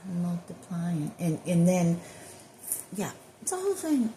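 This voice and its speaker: A woman with a low-pitched but very animated voice rambles through a casual spiritual monologue. She drifts between thoughts and swears freely, over a faint hiss of background noise. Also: a little slow. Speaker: spiritual healer.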